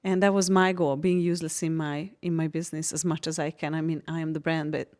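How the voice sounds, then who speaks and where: A woman from Hungary talks openly in a relaxed podcast conversation. Her voice sits a little low, and she tells stories with animation, often breaking into laughter. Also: quick pace. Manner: animated storytelling, laughs often, frank and expressive. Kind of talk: casual podcast chat.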